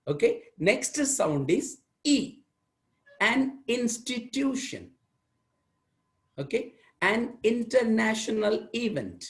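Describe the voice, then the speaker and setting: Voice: mid-range voice, very animated. A trainer from Tamil Nadu with a Tamil Indian English accent, giving an online workshop lecture and repeating key words with emphasis over a video call. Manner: slow, repetitive, emphatic teaching. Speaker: aptitude trainer.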